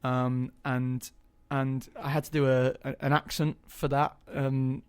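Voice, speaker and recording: A young man talking casually as an interview guest, chatty and hesitant, filling pauses with ums. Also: mid-range voice, level tone, darkish tone, clear, resonant tone. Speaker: guest actor.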